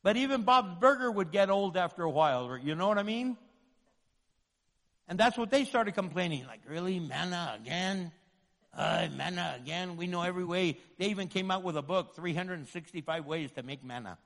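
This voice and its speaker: A man preaching a sermon as pastor, lively and humorous, acting out the voices of the people he quotes. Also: sits high, brisk, big-room sound.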